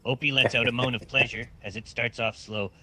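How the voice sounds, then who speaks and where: A man's voice: medium pitch, fairly even intonation, brisk, pushed and bright, dry recording. A man narrating an improvised role-play story in the third person on a live stream.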